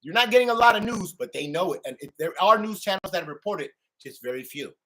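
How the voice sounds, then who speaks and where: A middle-aged man delivering a profane, ranting monologue to his channel, swinging between loud outbursts and low mutters. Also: expressive, fast talker. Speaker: channel host.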